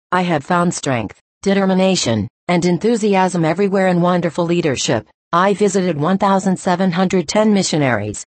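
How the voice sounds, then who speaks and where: A man giving a sermon to a congregation and telling a story in a measured, earnest way. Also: high voice, dry recording. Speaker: church leader addressing a congregation.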